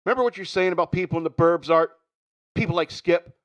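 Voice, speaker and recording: A man's voice: high voice, quick pace, close to an everyday voice. A man doing an impression of a frantic suburban man who shrilly rants at his neighbor.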